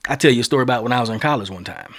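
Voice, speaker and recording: On his podcast, a Texan man in his thirties delivers a long, casual storytelling monologue, drifting off and circling back very fast. His ordinary mid-range male voice climbs and quickens with excitement as the action builds.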